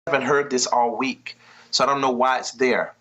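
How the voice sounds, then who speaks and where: A man's voice: mid-range voice, fairly even intonation, fairly quick, dull audio, over music. A man rambling in puzzlement about a noise on a call, in a played clip.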